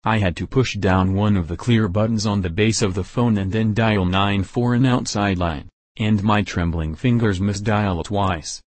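A man narrating a first-person audiobook in a measured, steady way. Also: lowish voice, no echo.

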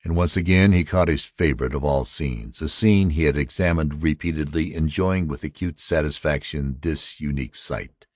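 A man reading a story aloud as narrator, measured and steady. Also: very deep voice, no echo, clean studio sound. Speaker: audiobook narrator. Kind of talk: scripted narration.

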